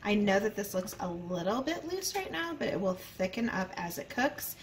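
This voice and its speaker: A woman's voice: medium pitch, very animated, moderate pace, roomy sound, a little hiss or hum. A woman hosting a home cooking video, chatting casually as she explains each step. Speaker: cooking channel host. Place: home kitchen.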